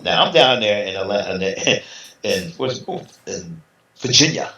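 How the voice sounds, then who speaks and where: Brief: man, middle-aged, relaxed storyteller who voices other people's lines, roomy slightly dull recording. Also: lowish voice, unhurried. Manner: animated, acts out quotes in other voices. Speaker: interview guest, retired bodybuilder. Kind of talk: casual storytelling.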